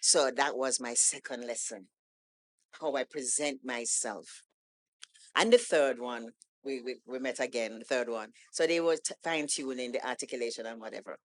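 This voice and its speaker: A woman guest on a podcast, telling a story in a casual, animated way and acting out the lines of the people in it. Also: very deep voice, normal speed. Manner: animated storytelling, acts out quoted dialogue. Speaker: guest poet.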